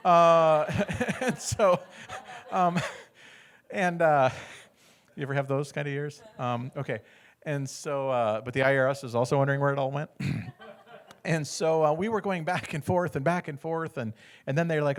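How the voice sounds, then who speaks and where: A man's voice: mid-range voice, brisk. Chatty man telling a business story. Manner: chatty, laughs often, acts out both sides of conversations. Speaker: entrepreneur speaker. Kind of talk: casual storytelling talk.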